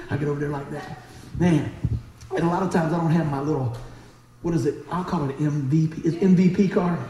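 Animated high-voiced preacher in echoey hall. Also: male voice. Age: 40s. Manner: animated, laughs often, acts out voices in stories; talks fast. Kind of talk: sermon with personal stories. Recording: very echoey room.

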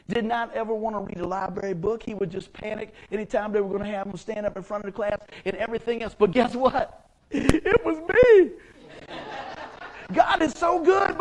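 A middle-aged man, preaching a sermon as a pastor, telling folksy stories and swinging from quiet asides to loud, excited outbursts. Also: high-pitched, low-quality recording.

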